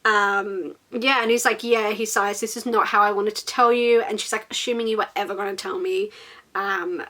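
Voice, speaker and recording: A woman's voice: mid-range voice, steady tone, moderate pace, sharp tone. A young woman giving a casual, sarcastic book review, exasperated and swearing freely while reading quotes mockingly.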